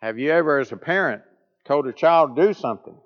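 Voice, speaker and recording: A high-pitched man delivers a sermon, pressing his points home with rising emphasis. The recording sounds dull and lo-fi. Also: lively intonation, fairly quick. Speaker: preacher.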